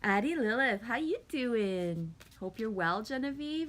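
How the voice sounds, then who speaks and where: A woman's voice: on the high side, animated, measured pace, fairly bright tone. A woman chatting casually with viewers on her live stream, swearing often and sometimes calling herself "me".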